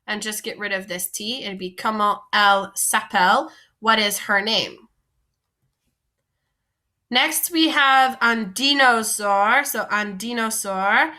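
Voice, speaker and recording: A woman's voice: mid-range voice, takes it slowly, pushed and bright. A woman teaching French vocabulary in a patient, explanatory lesson, often recapping and repeating terms.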